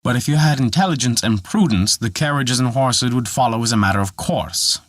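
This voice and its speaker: A man's voice: mid-range voice, lively intonation, brisk, no echo, clean studio sound, lightly acted. A man voicing a tiny old forest dwarf made of glass who lectures and scolds in an exasperated way. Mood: scolding.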